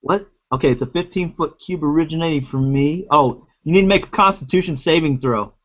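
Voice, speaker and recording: Male player, hesitant and casual, slightly high, muffled lo-fi sound. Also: a little fast. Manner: hesitant, reading rules aloud. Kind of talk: tabletop game play. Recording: dull lo-fi recording.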